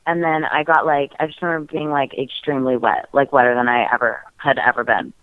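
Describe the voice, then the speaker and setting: A woman's rumbling low voice moves fairly quickly with fairly even intonation as she tells a personal story on a podcast. She's frank and giggly, full of "like" fillers, and the tinny, phone-like recording is dry with no echo.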